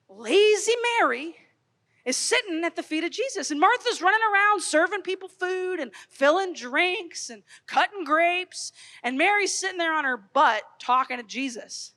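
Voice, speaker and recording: A woman in her thirties giving an expressive, storytelling talk to a youth conference, swinging from loud to hushed. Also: high-pitched, big-room sound. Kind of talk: animated Catholic youth talk. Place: large hall.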